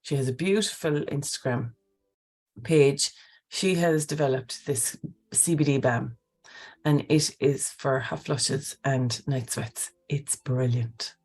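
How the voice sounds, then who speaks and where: A woman, hosting a casual live talk in an animated, chatty way, often tagging on okay and right. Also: a bass voice, a little slow, slightly rough. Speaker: host.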